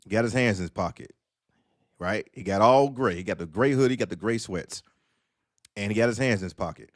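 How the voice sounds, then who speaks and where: A man's voice: lowish voice, a little fast, no echo, clean studio sound. A man on an online talk panel, ranting in a casual, emphatic and repetitive way and acting out the voices in his stories. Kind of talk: casual commentary rant.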